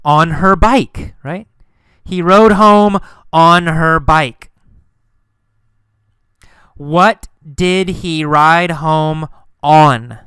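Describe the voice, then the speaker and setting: Male teacher, very slow and deliberate, bright crisp tone, dry close mic. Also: a little high, no echo. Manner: slow, emphatic, repeats key words. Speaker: English teacher. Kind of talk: slow English lesson narration.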